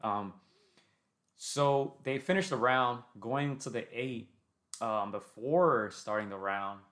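A man's voice: medium pitch, slow pace, fairly bright tone. A man co-hosting a casual boxing podcast, recounting a fight blow by blow and checking in with "right?". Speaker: podcast co-host.

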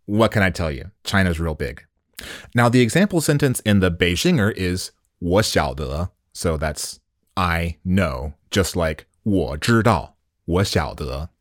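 A man's voice: low voice, expressive, measured pace, no echo, clean studio sound. A man whose first language is English, hosting a solo podcast lesson on Mandarin slang in a playful, chatty way with jokes and rhetorical questions.

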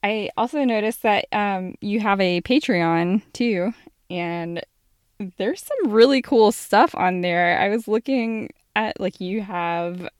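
Female podcast host, faint Southern accent; unhurried, smooth, dry close sound. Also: mid-range voice, dry recording. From American South. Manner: unhurried, laughs easily, chatty. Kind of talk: casual podcast interview.

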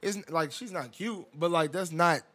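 A man's voice: fairly high pitch, normal speed, a bit bright. A man co-hosting a casual podcast chat, telling crude jokes and stories. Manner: crude joking storyteller. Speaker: podcast co-host.

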